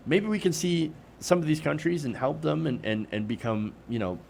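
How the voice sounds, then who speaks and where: Animated sarcastic man commentating. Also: medium pitch, slight background noise. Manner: sarcastic, animated, mocking asides. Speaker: political commentary host. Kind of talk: opinionated political commentary.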